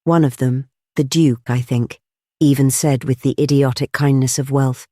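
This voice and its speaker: An audiobook narrator reading a classic detective story in a measured, even way. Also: mid-range voice, dry recording, clean studio sound. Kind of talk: scripted narration of a classic novel.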